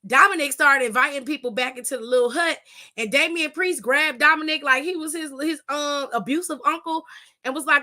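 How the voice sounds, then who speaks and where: A woman's voice: high-pitched, fairly quick, bright, forceful tone. A woman hosting a casual aftershow, telling stories in a loose, profane, gossipy way. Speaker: aftershow host. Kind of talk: casual chat recapping wrestling.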